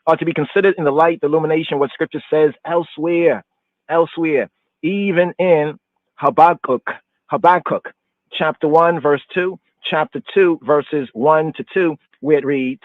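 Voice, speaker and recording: A male podcast host slowly reciting and expounding a daily psalm, repeating words in a chanting manner. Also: fairly high pitch, fairly even intonation, no echo. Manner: slow, repetitive chanting recitation. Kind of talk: psalm reading and teaching. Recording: tinny phone-line audio.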